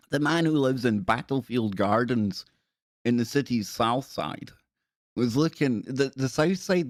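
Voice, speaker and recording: A man's voice: medium pitch, no echo, clean studio sound. A Glaswegian man from Scotland hosting a live stream, chatting in a jokey, rambling way and often breaking off mid-sentence. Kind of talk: casual live-stream chat.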